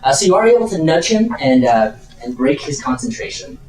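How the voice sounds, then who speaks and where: A man narrating as game master in a relaxed, hesitant way with many fillers. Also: a little high, a little fast. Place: home room with air conditioning. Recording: echoey room, far from mic.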